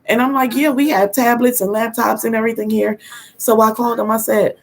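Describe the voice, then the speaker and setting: An older woman, a grandmother, hosting a casual live stream and telling stories in a firm, no-nonsense way, acting out quoted dialogue and now and then clearing her throat. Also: on the high side, fairly even intonation, brisk. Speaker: host of a live parenting talk.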